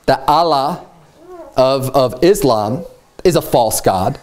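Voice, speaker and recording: A man preaching a sermon, retelling a scripture story in a casual, animated way and acting out quoted lines in a raised, mocking voice. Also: mid-range voice, unhurried, pauses often.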